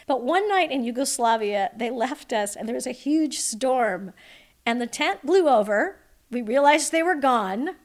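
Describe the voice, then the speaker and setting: Lively woman telling childhood stories. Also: fairly high pitch. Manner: lively anecdotal, amused. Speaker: author guest. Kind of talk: interview storytelling.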